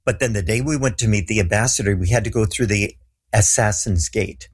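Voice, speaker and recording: A man's voice: fairly low pitch, brisk, breathy edge. A middle-aged man telling a story in a casual interview, acting out the voices of the people he quotes.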